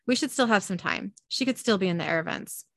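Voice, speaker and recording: A woman reads out a hardy adventurer woman who favours the open road, brisk and decisive. The voice sounds close and dry at a middling pitch. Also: lively intonation, gravelly, fairly bright tone, dry recording. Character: tough adventurous woman, restless traveler.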